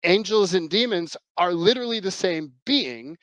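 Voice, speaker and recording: Fast, emphatic man, dry close sound. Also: sits high, expressive, a bit bright, dry recording, low-quality recording. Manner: rambling, emphatic, with many restarts. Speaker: podcast guest. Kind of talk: conversational explanation.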